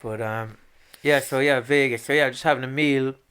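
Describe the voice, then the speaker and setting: A man around forty speaks at an ordinary middle pitch. He tells stories in a loose, profane way, acting out quotes with lively energy. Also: moderate pace, smooth. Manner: swears freely, animated, acts out quotes. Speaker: guest. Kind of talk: casual storytelling chat.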